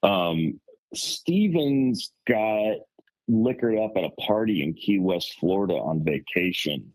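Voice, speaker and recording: A man on a podcast telling a story in casual chat, rambling and animated with lots of fillers. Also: lowish voice, takes it slowly, dry recording, low-quality recording. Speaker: podcast co-host.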